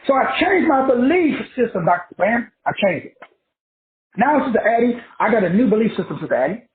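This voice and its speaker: Man in his 60s, profane, animated preacher. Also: very high-pitched, brisk, slight background noise. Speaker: spiritual teacher. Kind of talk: casual preaching talk. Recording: tinny phone-like audio in an echoey room.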